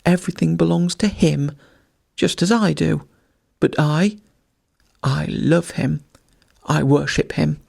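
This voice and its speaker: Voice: mid-range voice, fairly even intonation, takes it slowly, vocal fry, pauses often, darkish tone, slightly rough, full character voice. A reader voicing a frenzied, yelping hunting dog. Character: fanatically loyal male hunting dog. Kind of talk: bedtime story reading.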